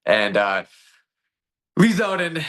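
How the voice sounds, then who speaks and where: A man's voice: on the high side, sing-song, slow, a bit bright. A man co-hosting a casual political chat, ranting earnestly in long runs full of rhetorical questions. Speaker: podcast co-host.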